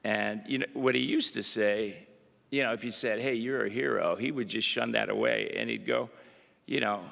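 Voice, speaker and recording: Middle-aged male official, gravelly, folksy anecdotal speaker, long hall reverb. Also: fairly low pitch, moderate pace, a bit bright. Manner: folksy, chatty storytelling with frequent "you know" and "uh". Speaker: government undersecretary giving remarks. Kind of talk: public speech with anecdotes. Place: university event hall.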